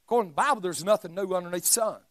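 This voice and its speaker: A man preaching a sermon in a church, shouting emphatic lines and dropping into joking asides. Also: high-pitched, rapid-fire, no room sound. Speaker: pastor. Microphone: live stream mic.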